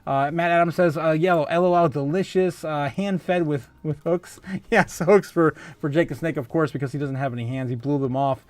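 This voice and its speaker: A man's voice: a little high, fairly even intonation, moderate pace, a little mellow, no echo. A man hosting a casual livestream, reading out viewer comments, laughing often and stumbling through restarts and filler sounds. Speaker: host of a crypto livestream.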